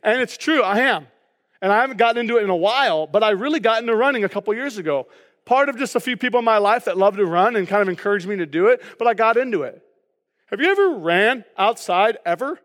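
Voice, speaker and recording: A man's voice: sits high, lively intonation, fast talker, a bit bright, long reverb tail. A man preaching a sermon as pastor, casual and joking, often checking in with the congregation with "okay?".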